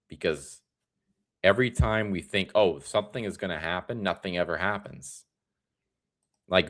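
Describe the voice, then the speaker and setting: A young man from Florida hosting a casual live stream, rambling in a tired, relaxed way. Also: low-pitched. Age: young adult.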